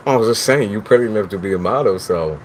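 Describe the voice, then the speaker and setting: A man with a lowish voice runs a live tarot stream, bantering casually with viewers. He addresses chat head-on, teasing and cursing, and background noise can be heard.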